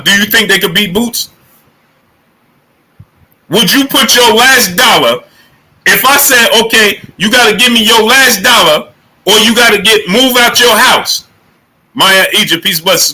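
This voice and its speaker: Guy hosting a boxing live stream, hammering the same question at chat, sharp bright voice. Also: high-pitched, slightly rough, low-quality recording. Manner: energetic, emphatic, repeats questions. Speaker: boxing show host. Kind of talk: live-stream talk with chat shout-outs.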